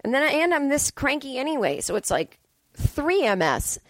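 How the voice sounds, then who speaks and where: A woman's voice: high-pitched, sing-song, moderate pace, dry recording. A middle-aged woman hosting a solo comedy podcast, rambling and swearing in a cranky, self-mocking way. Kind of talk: casual solo podcast monologue. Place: indoors.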